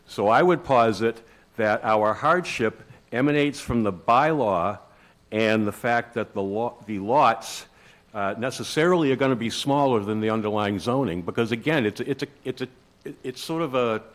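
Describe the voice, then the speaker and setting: A man presenting a legal argument at a zoning board hearing, measured and lawyerly, with frequent restarts. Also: medium pitch. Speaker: applicant's counsel. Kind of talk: formal argument at a public hearing.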